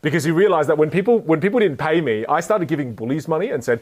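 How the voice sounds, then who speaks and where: A young man giving a lively motivational talk on communication skills, joking and chatting with his audience. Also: on the high side, rapid-fire, hardly any pauses. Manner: energetic, playful, jokes with the audience. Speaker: speaker teaching communication skills.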